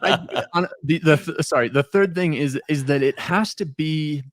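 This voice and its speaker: A former co-host returns as a podcast guest, chatting casually and talking at length while restarting his sentences. He sounds a little stoned. His voice runs on the high side at a moderate pace, recorded in studio quality without echo.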